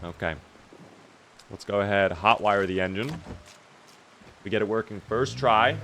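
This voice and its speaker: Young man, low voice, casual game streaming, reads and answers chat, faint clicks behind. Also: a little slow, long pauses, fairly bright tone, a little hiss or hum. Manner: chatty, reads chat questions aloud and answers them. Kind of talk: casual gameplay commentary reading chat.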